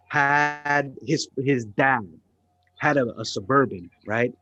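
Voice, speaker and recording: A man's voice: mid-range voice, takes it slowly, muffled recording, faint music behind. A man from the Los Angeles area, a comedian on a podcast, telling a rambling, profane story in casual chat. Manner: rambling, profane, animated retelling.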